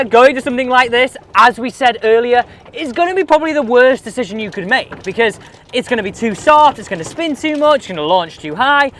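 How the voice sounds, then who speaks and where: A man's voice: high-pitched, fairly bright tone. A middle-aged man, a golf coach chatting casually on a range between shots and talking himself through each swing. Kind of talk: casual range-testing vlog commentary.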